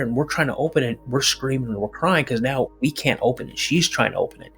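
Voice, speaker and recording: Middle-aged man, husky voice, animated story, many restarts, faint music. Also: mid-range voice, quick pace, hardly any pauses. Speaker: podcast guest. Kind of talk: telling a personal story.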